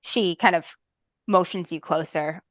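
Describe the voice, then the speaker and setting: A woman game master narrating a fantasy tabletop game in a soft, lyrical way, with frequent ums. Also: on the low side, a little slow, no room sound, clean studio sound.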